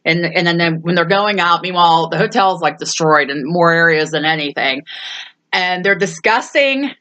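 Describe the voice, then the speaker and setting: A woman's voice: fairly low pitch, lively intonation, moderate pace, sharp tone. A woman hosting a casual movie review, retelling scenes with frequent laughs and acting out the quoted lines. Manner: laughs often while talking. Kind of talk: casual movie recap chat.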